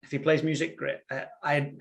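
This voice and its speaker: A man's voice: a little high, level tone, fairly quick, vocal fry. Guy on a podcast, thoughtful, bit hesitant, lots of ums. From Northern Ireland. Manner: reflective, earnest, hesitant fillers. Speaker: podcast guest, coach. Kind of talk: conversational interview.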